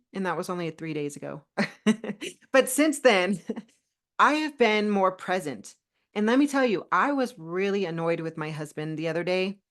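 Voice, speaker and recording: A middle-aged woman co-hosting a podcast, telling personal stories in a heartfelt, animated way with many restarts. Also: mid-range voice. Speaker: podcast co-host. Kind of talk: casual podcast chat.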